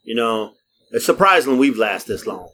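A man's voice: mid-range voice, sing-song, moderate pace, fairly bright tone. A middle-aged man co-hosting a podcast, brash and joking, laughing often and swearing freely in casual banter. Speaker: podcast co-host.

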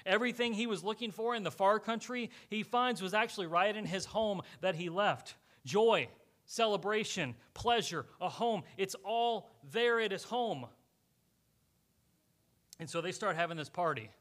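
A male pastor preaching a sermon, telling the story with animated energy and acting out the characters. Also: high voice, normal speed.

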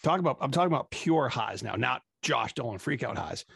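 A man with a gravelly, husky voice trades casual, profane banter on a podcast. He tells loose, rambling stories and swears freely. The sound is close and dry. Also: mid-range voice, animated, fairly quick, a bit bright, no echo. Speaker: podcast co-host.

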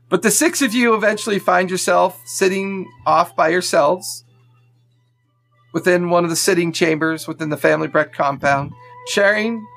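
A man narrating as game master of a tabletop game in a loose, relaxed way with many fillers. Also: fairly high pitch, creaky.

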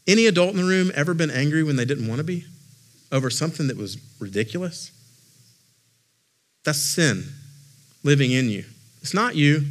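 A lead pastor in his forties preaching a sermon in an expressive, conversational way, with personal stories and self-deprecating humor. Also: a little high.

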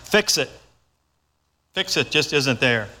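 Older pastor, bright voice, echoing church. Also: male voice, mid-range voice, lively intonation, takes it slowly. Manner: folksy, conversational, acts out his own lines. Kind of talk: sermon. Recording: long hall reverb.

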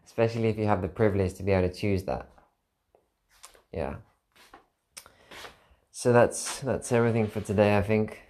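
A man with a fairly low voice speaks alone as a podcast host, tired and unguarded. He rambles reflectively and circles back over the same phrases to press his point home. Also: moderate pace, long pauses, darkish tone. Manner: candid, rambling, repeats phrases for emphasis. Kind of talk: reflective solo monologue.

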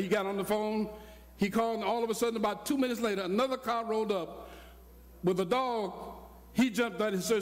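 Older man, pastor preaching, high voice, reverberant hall. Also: fast talker. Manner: animated preaching, acting out dialogue, rising to shouts. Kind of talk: sermon storytelling.

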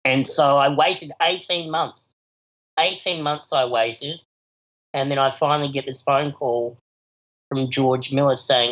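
A man talks through his interview answers with eager, chatty energy, at a middling pitch for a man. The recording sounds a little dull and lo-fi, with the top end rolled off. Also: fairly even intonation, a little slow, fairly bright tone. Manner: enthusiastic, chatty, with fillers like "you know". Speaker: actor, interview guest.

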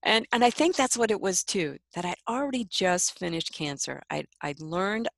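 A woman guest telling a personal story in an interview, reflective and soft-spoken, often laughing. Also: fairly low pitch, animated, normal speed, creaky, no room sound.

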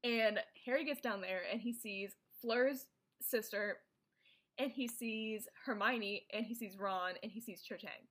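Recapping a film as a co-host, a woman rambles casually, her storytelling packed with fillers and "like"s. She speaks at a measured pace in a slightly high, fairly bright voice.

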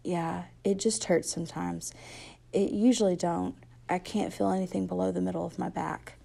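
A woman reading aloud, voicing an injured, frightened teenage boy who talks in halting slang. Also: lowish voice, steady tone, creaky, dark tone. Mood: pained. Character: scared injured teenage boy, bitter and gentle.

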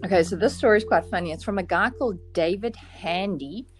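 A woman's voice: medium pitch, fairly quick, over music. A woman from South Africa co-hosting a podcast, chatting casually and reading out a funny story with amusement. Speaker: podcast co-host.

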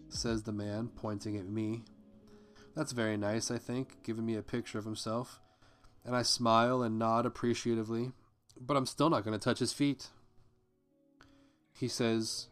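A podcast host reads a memoir aloud casually, breaking off to comment and curse along the way. His mid-range voice is steady and a little slow, with frequent pauses, and faint music plays behind him.

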